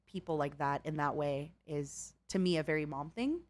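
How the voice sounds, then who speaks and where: A woman's voice: sits low, moderate pace, a crowd in the background. A woman hosting a casual chat stream, bubbly and laughing often as she talks. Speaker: streamer host.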